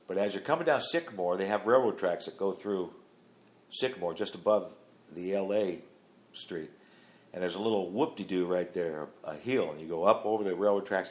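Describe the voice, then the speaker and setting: A middle-aged man with a deep, low voice tells a long story from his past. He talks plainly and rambles, filling gaps with "uh" as he goes. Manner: rambling, plain-spoken, many fillers. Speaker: father telling his life story. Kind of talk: casual storytelling.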